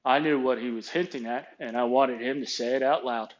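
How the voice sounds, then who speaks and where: A man's voice: medium pitch, fairly even intonation, fairly quick. A middle-aged man telling a story about his workplace as a casual rant, blunt, dry and sarcastic. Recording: dull lo-fi recording.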